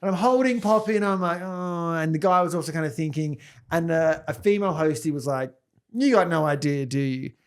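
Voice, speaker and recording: Animated man telling a story. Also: on the high side, brisk, clear, resonant tone. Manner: animated storyteller, acts out quotes. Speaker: podcast co-host. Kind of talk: casual banter.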